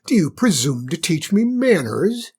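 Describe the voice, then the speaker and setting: A man puts on a spoiled, imperious queen for a storybook reading, with a shrill, haughty bark and a husky edge. She is bad-tempered and used to ordering everyone about. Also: wildly swooping pitch, moderate pace, heavily acted.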